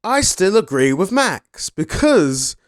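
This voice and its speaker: A man's voice: sits high, big pitch swings, takes it slowly, dry recording, studio quality. A man talking casually about motor racing in an opinion vlog, chatty and self-deprecating, sometimes tripping over words. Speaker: motorsport commentator.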